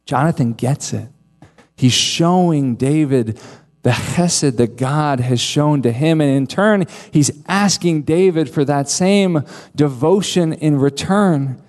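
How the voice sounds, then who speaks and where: Male pastor, sermon delivery, slightly high voice, unhurried and emphatic, long hall reverb. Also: darkish tone. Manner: emphatic, earnest preaching with dramatic pauses.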